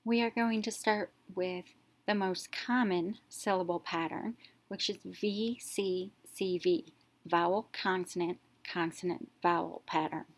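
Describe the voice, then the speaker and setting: A woman teacher narrating a reading lesson, explaining step by step and sounding out letters clearly. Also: on the low side, steady tone, unhurried.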